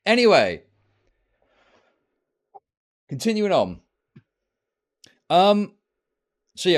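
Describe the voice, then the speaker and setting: A young male streamer with a higher-than-usual voice that leaps up and down as he rants. He talks in a heated, sarcastic way and swears freely. It sounds like live commentary to his viewers. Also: wildly swooping pitch, slow, pauses often. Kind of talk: ranting livestream commentary.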